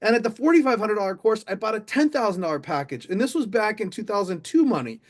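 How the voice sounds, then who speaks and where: A middle-aged man, a motivational speaker, telling an animated story on stage and speaking straight to a live audience. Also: high-pitched, quick pace. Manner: animated, addresses the audience directly.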